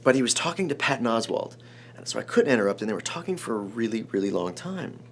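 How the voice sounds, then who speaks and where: A man in his forties from Chicago, a screenwriter telling an emotional story in an interview, animated and rambling with many restarts. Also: medium pitch, fast, slight background noise. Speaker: screenwriter guest.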